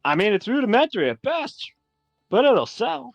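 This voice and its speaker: A man's voice: very high-pitched, sing-song, normal speed, creaky, no echo, highs cut off, faint music behind, pitched above the performer's own voice, heavily acted. A man voicing a brash, confident male halfling tradesman who talks in a breezy, pushy way. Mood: dismissive. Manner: breezy, pushy, sizing people up.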